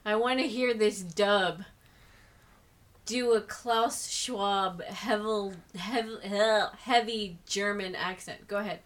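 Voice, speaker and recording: A woman's voice: mid-range voice, steady tone, slow pace. A woman hosting a casual podcast chat, teasing her co-host and laughing often. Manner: teasing, giggly.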